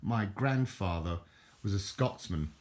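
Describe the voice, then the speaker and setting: A man's voice: lowish voice, lively intonation, a little slow, a little mellow. An older man from southern England with a southern English accent, rambling and chuckling as he chats to camera, repeating words and restarting sentences. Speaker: vlogger. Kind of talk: rambling casual chat to camera.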